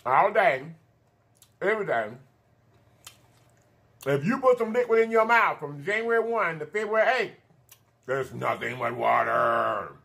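A thirty-year-old man chats to his viewers while he eats, humming between bites. His voice sits a little high and swings widely in pitch. He drops in honey and baby as he talks. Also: creaky, pushed and bright. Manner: chatty, drawn-out "honey" and "baby" asides, hums while eating. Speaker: mukbang host. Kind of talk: casual eating-show chat.

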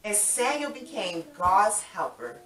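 A woman's voice: medium pitch, expressive, takes it slowly, a bit bright. A woman leading young children through a Bible story, coaxing and playful as she acts it out. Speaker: children's Sabbath School teacher. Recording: echoey room from far off.

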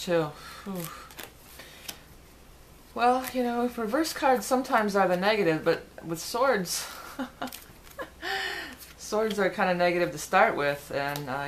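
Woman tarot reader, deep voice, chatty and rambling, faint hiss behind. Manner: chatty, rambling, with many fillers and restarts. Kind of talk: casual monthly tarot forecast.

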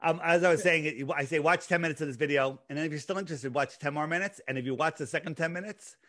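Slightly high-voiced man lecturing animatedly. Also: quick pace. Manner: lecturing, animated explainer with many restarts. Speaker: podcast guest. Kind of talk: casual podcast chat.

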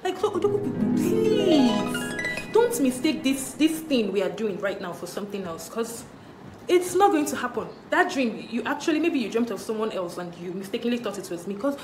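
A woman's voice: on the high side, very animated, moderate pace, over music. A young woman in a comedy skit, talking in a dismissive, exasperated way. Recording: echoey room with faint hiss.

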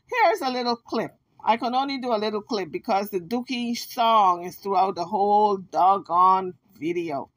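A woman vlogger giving chatty, sassy, animated commentary on an argument. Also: medium pitch, normal speed, few pauses. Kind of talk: casual commentary recapping drama.

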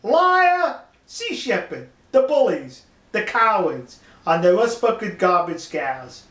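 A man, speaking, delivers a mocking, emphatic opinion rant to his viewers, stressing words slowly. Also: sits high, big pitch swings, a bit bright, echoey room. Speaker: video commentator. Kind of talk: ranting opinion monologue.

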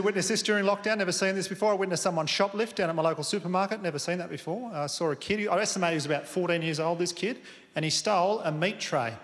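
A man with an Australian accent delivers a stand-up set in a slightly higher than usual voice, laconic and deadpan, swearing freely. His stage mic carries a long hall reverb, and audience noise sits clearly behind him. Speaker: stand-up comedian. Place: large theatre stage. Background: audience laughter.

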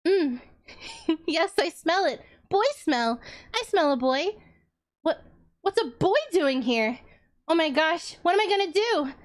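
A woman's voice: animated, measured pace, pauses often. A woman voicing a giddy, boy-crazy young woman who gushes breathlessly, in a comic reading of a viewer redeem. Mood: gushing. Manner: breathless, gushing, squealing up high.

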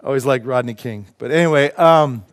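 A man's voice: medium pitch, brisk. A male pastor preaching a sermon in a church, joking and laughing at his own jokes as he goes. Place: church sanctuary.

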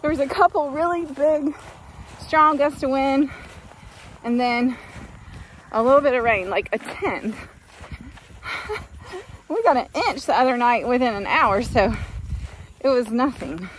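Outdoors on her farm, a middle-aged woman casually vlogs in a high-pitched voice, slow and pausing often, with slight background noise. She's chatty and folksy, rambling along as she talks.

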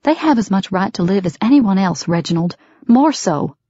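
A woman's voice: mid-range voice, lively intonation, normal speed, dark tone, slightly rough, no echo. A woman reading as a frightened but defiant young woman in an audiobook, snapping back at her threatening father. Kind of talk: audiobook character voice. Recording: dry, dull lo-fi recording.

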